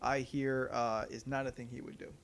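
A man's voice: medium pitch, little pitch movement, moderate pace, clean tone. A man co-hosting a podcast, chatting casually about movies in an opinionated, rambling way with many fillers and restarts. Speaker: podcast co-host. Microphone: studio podcast mic.

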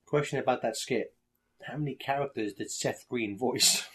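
A man's voice: medium pitch, normal speed, fairly bright tone, slightly rough. A man in casual chat, rambling bluntly through his opinions and swearing freely.

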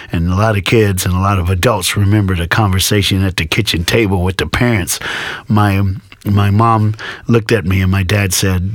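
A man as an interview guest, telling his life story with animated acted-out dialogue. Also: fairly low pitch, no room sound. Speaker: guest speaker.

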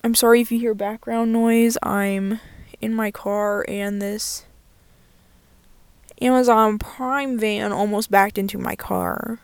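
Slow-talking young woman ranting from her car. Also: medium pitch, steady tone, vocal fry, smooth, no room sound. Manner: candid, sweary, full of "like" fillers. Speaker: vlogger. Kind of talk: casual storytime chat. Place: inside a parked car.

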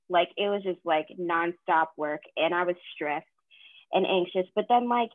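A woman in her twenties from the American South, a counseling graduate student, co-hosting a podcast and chatting casually with lots of fillers and lively retold quotes. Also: on the low side, moderate pace, no echo, phone-quality sound. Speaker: podcast co-host. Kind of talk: casual chat.

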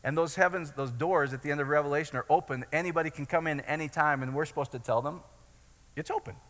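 A man preaching with a high, bright, sharp voice, chatty and joking, then building up to bold declarations. His words ring out through a big hall with a long reverb. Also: quick pace. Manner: conversational preaching with jokes and rising shouts. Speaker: pastor. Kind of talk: sermon.

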